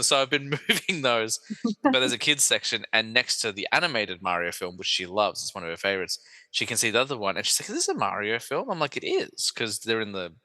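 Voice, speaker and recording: Man, low-ish pitch, very bright voice, casual film chat, dry close mic with a long reverb tail. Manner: rambling, chatty, laughs often. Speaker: podcast co-host.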